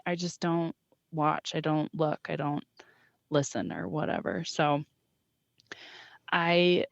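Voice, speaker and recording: A woman's voice: on the low side, no echo. A young woman co-hosting a podcast, chatting casually in a rambling, self-deprecating way and laughing often. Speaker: podcast co-host. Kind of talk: casual chat. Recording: dull lo-fi sound.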